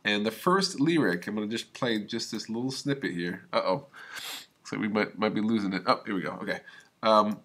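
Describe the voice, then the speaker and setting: Man talking through a software tutorial. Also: on the low side, a little fast. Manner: casual, talks through each click step by step. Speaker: teacher. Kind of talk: screen-recorded software tutorial.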